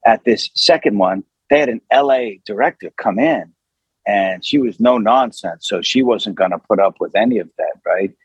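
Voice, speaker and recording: A man, an actor, telling an anecdote in an animated, conversational way with lots of fillers. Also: lowish voice, brisk, hardly any pauses, husky, no echo, muffled recording. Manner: animated, with many fillers and acted quotes.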